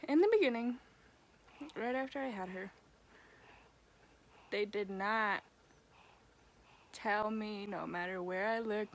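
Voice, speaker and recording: A woman's voice: mid-range voice, slight background noise. A young woman talking to her camera in a candid personal vlog, frank, blunt and casual, with mild swearing. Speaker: vlogger.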